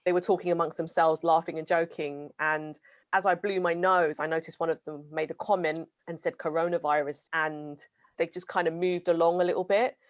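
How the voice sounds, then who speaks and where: A woman's voice: low voice, fairly even intonation, fairly quick, dry recording. A British woman co-hosting a casual discussion, speaking hesitantly with many fillers like "sort of" and "kind of". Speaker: co-host.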